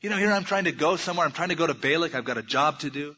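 A preacher acting out an impatient grumbling prophet. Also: male voice, on the high side, lively intonation, racing, pushed and bright, slightly rough, lo-fi sound, exaggerated voice. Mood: exasperated. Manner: exasperated ranting.

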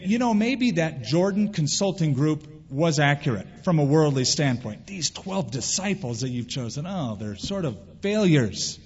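A male pastor preaching a sermon in an animated way, acting out quoted voices. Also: fairly high pitch, husky. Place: church sanctuary. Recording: dull lo-fi sound with long hall reverb.

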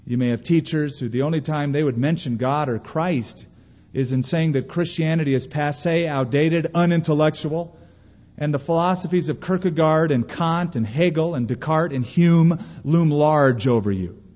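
A man preaching a sermon as pastor, emphatic and animated, acting out quoted lines. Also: moderate pace. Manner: emphatic preaching, voices quotes with raised pitch. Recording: dull sound in a long-reverb hall.

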